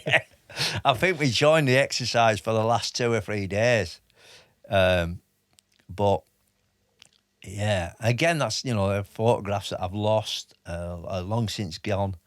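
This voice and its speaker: Man in his fifties, low voice, halting stop-start storytelling, dry close mic. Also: dry recording. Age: 50s. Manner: halting, with many restarts and fillers. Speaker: podcast guest, army veteran. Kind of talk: casual interview storytelling.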